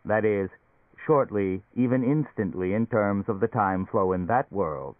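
A tinny, obliging machine therapist that lives in a suitcase, as a man puts it on. It explains things politely in a lowish voice. The recording is dry and squeezed thin like a phone. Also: measured pace, no room sound, lightly acted. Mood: explaining. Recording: dry, phone-like narrow sound.

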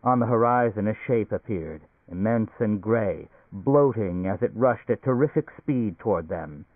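A man reading a novel aloud as a steady, measured audiobook narrator. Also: lowish voice, dry recording. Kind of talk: scripted narration. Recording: tinny phone-like recording.

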